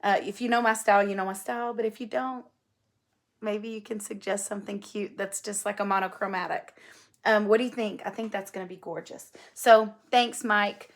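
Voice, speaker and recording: A woman's voice: medium pitch, steady tone, normal speed. Gushing woman showing off gifts. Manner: gushing, enthusiastic, chatty. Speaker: flosstube host. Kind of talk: casual show-and-tell chat.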